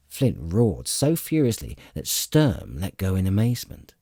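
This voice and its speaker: Deep, husky male audiobook narrator. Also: measured pace, dry recording, clean studio sound. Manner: dramatic, expressive storytelling. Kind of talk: scripted fantasy narration.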